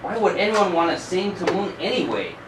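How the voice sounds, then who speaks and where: A man's voice: sits high, very animated, brisk. A man reading aloud and voicing a vain, grumpy male coyote in a smug, huffy way. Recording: echoey room, distant mic, background noise.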